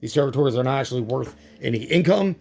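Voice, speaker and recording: A man's voice: medium pitch, animated, quick pace, gravelly, warm tone. A man narrating his own board game play-through, thinking aloud and reacting to dice rolls.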